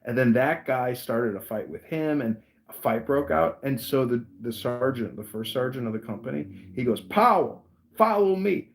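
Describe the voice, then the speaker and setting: A man hosting a podcast, telling a story in a casual, animated way and acting out the voices. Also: mid-range voice, normal speed, few pauses. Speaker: podcast host. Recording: roomy echo.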